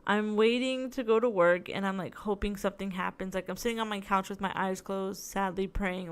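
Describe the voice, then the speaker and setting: A woman's voice: medium pitch, fairly even intonation, brisk, hardly any pauses, smooth. A young woman hosting her own podcast, telling a long story in a rambling, chatty way, tired and in tooth pain. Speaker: podcast host. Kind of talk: casual solo podcast chat.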